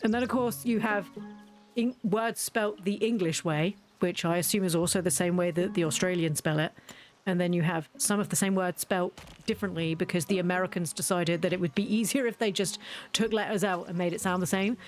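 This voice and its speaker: A woman's voice: lowish voice, steady tone, fairly quick, soft background music. A young woman chatting casually as she plays a game, ranting and laughing often. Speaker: gaming video creator. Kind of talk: casual gameplay commentary.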